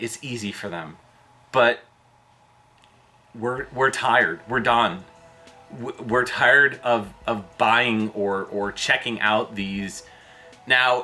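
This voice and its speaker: A man hosting a gaming video, ranting loosely and in exasperation, with sudden jumps up in pitch. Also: pushed and bright. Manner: loose, with fillers and restarts. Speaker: video host. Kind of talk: ranting commentary vlog.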